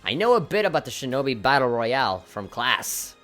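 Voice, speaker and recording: A man's voice: medium pitch, big pitch swings, a little fast, fairly bright tone, soft background music. A man commentating a video game as its host and reading its text aloud, breaking into giggly, apologetic laughing fits. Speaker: let's play host.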